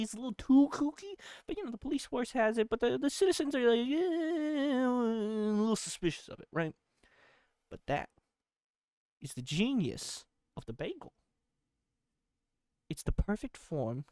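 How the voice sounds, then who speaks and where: A sleepy man hosts a comedy podcast, rambling through an absurd monologue and tripping over repeated words. His pitch jumps around with lively swings. The recording is dry and close, with no room in it. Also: no echo. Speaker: podcast host.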